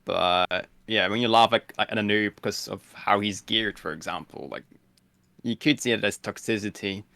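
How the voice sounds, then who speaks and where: A man's voice: lowish voice, fairly even intonation, moderate pace, vocal fry, sharp tone, dry recording. A man chatting casually on a podcast, laid-back and blunt, with many "like" fillers. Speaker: guest streamer.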